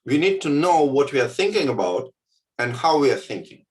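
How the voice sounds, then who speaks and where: A man from the Soviet Union giving a lecture on contemplative practice and leading a guided exercise, speaking haltingly with many fillers and frequent "yeah?" check-ins. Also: a little high, very animated.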